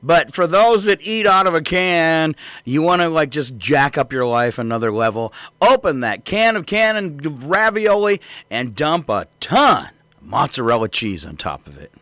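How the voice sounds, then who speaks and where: A man's voice: a little high, big pitch swings, normal speed, fairly bright tone, no echo. An older man co-hosting a casual morning radio show, rambling through jokes and laughing often. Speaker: radio co-host.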